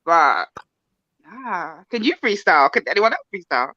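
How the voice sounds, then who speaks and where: A woman's voice: fairly low pitch, sing-song, normal speed, pushed and bright, dry recording, highs cut off. A woman guest on a casual livestream chat, shy and self-deprecating, laughing things off.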